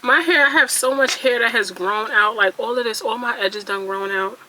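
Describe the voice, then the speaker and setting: A young beauty vlogger with a fairly high, bright, forceful voice talks at a normal speed, casually venting to viewers with candor, self-mockery, and exclamations while doing her makeup at home near a ring light. The recording quality is low.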